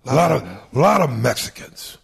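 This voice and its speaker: A man talking as a podcast guest in casual chat, animated and laughing as he trades movie impressions. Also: medium pitch, moderate pace, gravelly, breathy edge.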